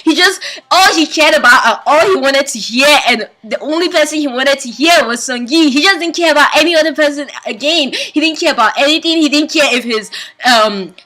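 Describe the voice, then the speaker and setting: A high, bright-voiced woman chats through her drama review in a casual video. She gushes with excitement and acts out her own reactions as little quoted asides. Her tone stays crisp and forward. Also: brisk. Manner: gushing, excitable, gasps and laughs often.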